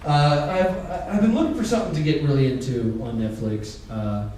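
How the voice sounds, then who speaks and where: A man doing a stand-up comedy set on a convention stage, acting out both sides of his stories with quick voice changes. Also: fairly high pitch, mellow, slight background noise. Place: convention stage with live audience. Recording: echoey room, far mic, crowd.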